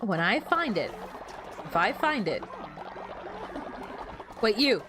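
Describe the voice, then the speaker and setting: Lively chatty woman streamer. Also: medium pitch, slow pace, pauses often, noisy background. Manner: chatty, animated, easily flustered, talks to viewers. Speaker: game streamer. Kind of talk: casual gameplay commentary to chat.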